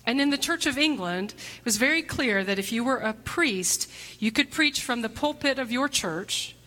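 A woman pastor gives a reflective sermon, putting questions to the congregation and at times dropping to a hushed near-whisper. Her voice is a little high and animated, at a moderate pace, and the recording carries a long hall reverb.

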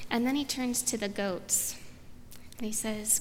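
A woman pastor gives a children's sermon and keeps asking the kids friendly questions. Her voice sits fairly high. It rings with a long reverb through a large sanctuary, over faint room noise. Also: steady tone, unhurried, a little mellow.

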